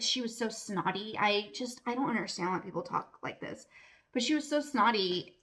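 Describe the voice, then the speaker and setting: A woman's voice: on the high side, expressive, normal speed, fairly bright tone. A middle-aged woman vlogging at home in a candid, casual monologue, earnest and emphatic with lots of "like" fillers.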